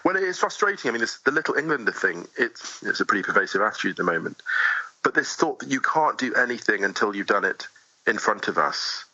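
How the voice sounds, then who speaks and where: A man chatting as a podcast guest, his voice low-set and breathy yet cutting, lively and quick to laugh. The sound is dry and a bit muffled, with no room around it. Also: no room sound. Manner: animated, laughs easily, fast asides. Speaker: guest poet. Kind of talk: casual podcast chat.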